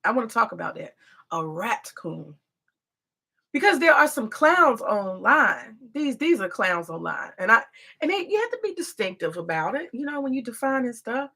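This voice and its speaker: A woman's voice: a little high, big pitch swings, moderate pace, gravelly, pushed and bright. A woman hosting a rambling, profane commentary, emphatic and repetitive, full of rhetorical questions. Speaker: commentary host.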